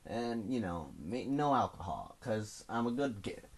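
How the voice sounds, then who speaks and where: A teenage man hosting a solo podcast from home, rambling and self-mocking, his voice swinging between loud bursts and mumbles. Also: fairly low pitch, lively intonation, measured pace, husky. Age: teens. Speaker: podcast host. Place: at home indoors.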